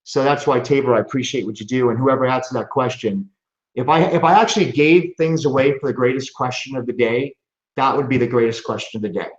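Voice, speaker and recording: A man's voice: mid-range voice, fast. Earnest motivational host, male, restarts phrases; roomy dull stream audio. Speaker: chiropractor host. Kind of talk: motivational live show talk.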